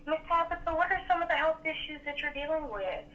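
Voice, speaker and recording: A woman telemarketer on a sales call who gushes with flattery and lays on the sympathy. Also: high voice, quick pace. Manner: gushing, flattering, overly sympathetic. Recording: distant muffled phone line with faint hiss.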